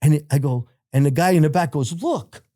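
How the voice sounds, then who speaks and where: A middle-aged man, telling stories as an interview guest in an animated, profane way, laughing as he goes. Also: on the high side, fast, no echo, clean studio sound. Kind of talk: casual storytelling.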